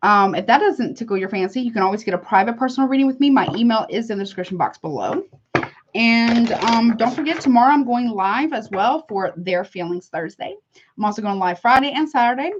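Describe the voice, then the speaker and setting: A woman's voice: a little high, expressive, a little fast, a little hiss or hum. A woman doing a casual tarot reading for her viewers, chatty and heartfelt, calling listeners honey. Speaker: tarot reader. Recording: slightly dull lo-fi audio.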